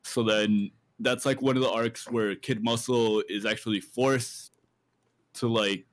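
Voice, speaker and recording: A man's voice: medium pitch, steady tone, unhurried, dry recording. A man co-hosting a casual podcast, recapping an anime at length with many fillers and restarts. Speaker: podcast co-host.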